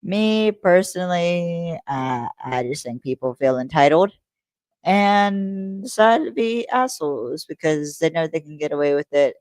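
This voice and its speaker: Low-voiced woman rambling on a podcast. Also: lively intonation, a little slow, a little mellow, dry recording. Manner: rambling, profane, lots of "like" fillers. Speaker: podcast host. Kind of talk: casual solo podcast recap.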